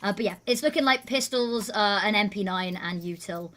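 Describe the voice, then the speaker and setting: A woman giving energetic, playful live esports commentary. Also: medium pitch, moderate pace. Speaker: esports caster.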